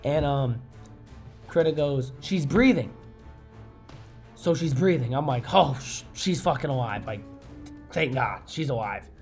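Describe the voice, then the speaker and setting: A young man vlogging a casual storytime, excitable and profane, making crash noises with his mouth. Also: medium pitch, moderate pace, faint music behind.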